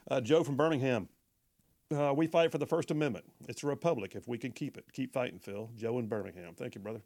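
A man's voice: mid-range voice, quick pace, a little mellow. A man hosting a talk radio show, chatty and folksy, reading listener texts and often stumbling over his words.

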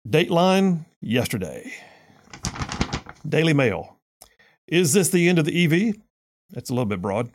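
A man's voice: on the high side, big pitch swings, measured pace, long pauses, noisy background. A man hosting a talk radio show, reading news stories and mocking them in a sarcastic, combative way. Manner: sarcastic, combative, reads news then mocks it.

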